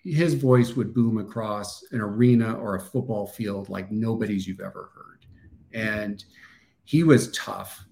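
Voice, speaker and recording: A middle-aged man with a Midwestern American accent, talking casually as an interview guest, thoughtful and halting, with restarts and fillers. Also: fairly low pitch, creaky, a little mellow. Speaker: podcast guest, former wrestler.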